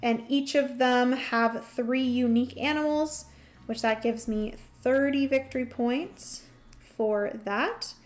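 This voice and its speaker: A woman's voice: high voice, takes it slowly. A young woman livestreaming a solo board game, thinking aloud through her moves and chatting with viewers. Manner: chatty, thinks aloud while playing, greets chat warmly.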